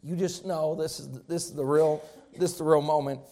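A man with a notably high voice delivers a sermon. He speaks with an emphatic preaching cadence, swinging up and down in pitch and loudness to drive his points home. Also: steady tone, a little fast. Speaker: pastor.

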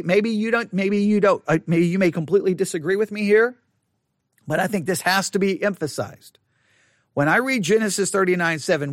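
A man's voice: sits high, dry recording, clean studio sound. A man leading a Bible study, talking straight to his listeners, repeating his points for emphasis and acting out imagined voices in quotes.

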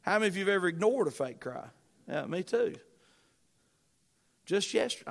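A middle-aged man preaching a sermon as pastor, with emphatic bursts that rise and drop to quiet asides. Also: sits high, very animated, moderate pace, vocal fry, pauses often.

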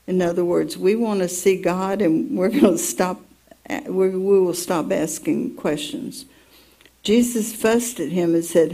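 A woman's voice: mid-range voice, warm tone. A woman teaching from the Bible, reading the passage aloud and telling her own story around it in an earnest way. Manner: slow, earnest storytelling with personal asides.

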